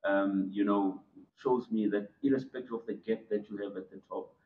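South African reporter on a tinny distant mic. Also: male voice, on the low side, steady tone, normal speed, a little hiss or hum. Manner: probing, mixes in Zulu phrases. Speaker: journalist. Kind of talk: press conference question. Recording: distant, phone-like, echoey room.

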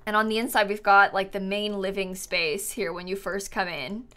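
A woman's voice: medium pitch, steady tone, moderate pace, a bit bright, faint music behind. A woman chatting casually on a live stream, touring viewers' game builds, bubbly and chatty with lots of "like"s, a bit sleepy and yawning.

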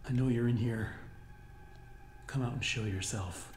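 A man's voice: medium pitch, measured pace, loud music behind the voice, natural voice. A man voicing a wary adult man who calls out as he searches for someone in a horror game. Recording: echoey game audio with loud noise.

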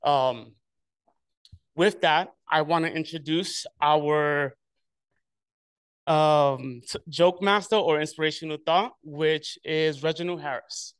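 A man's voice: fairly high pitch, slow pace, clean tone, no room sound. A man hosting a club meeting, introducing each speaker in an encouraging, conversational way.

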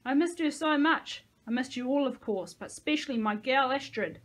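A woman's voice: high voice, animated, moderate pace, pitched above the performer's own voice. A woman doing a slurring, giddy drunk young man. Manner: slurred, loud, overly jolly.

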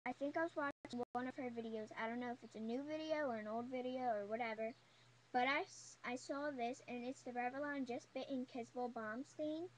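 A woman's voice: sits high, slight background noise, rough recording. A young woman chatting casually in a beauty haul vlog, gushing and chatty, full of fillers. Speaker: beauty vlogger. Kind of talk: casual haul video chat.

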